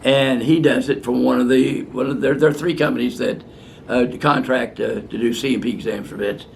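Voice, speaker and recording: Gravelly older man in a fiery profane rant. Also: medium pitch, fairly even intonation, moderate pace, a little hiss or hum. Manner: blunt, fiery and profane, ranting. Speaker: physician answering viewer questions. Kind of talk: unscripted question-and-answer talk.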